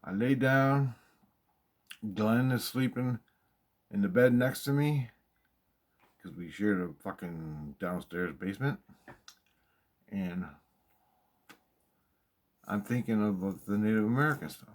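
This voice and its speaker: Excitable, swearing man telling a story. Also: lowish voice, slow, pauses often. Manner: excitable, profane, repeats himself for emphasis. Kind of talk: casual spoken storytelling monologue.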